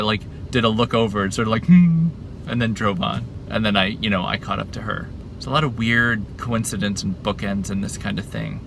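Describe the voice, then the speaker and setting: Bright-voiced man venting in his car. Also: medium pitch, a little hiss or hum. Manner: rambling, self-reflective, conversational. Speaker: vlogger. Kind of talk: candid personal video diary. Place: parked car.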